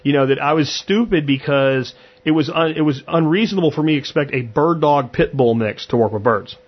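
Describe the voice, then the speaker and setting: On a muffled recording, a male podcast host with a somewhat high, breathy voice talks fairly quickly in a blunt, casual monologue, acting out the things he said.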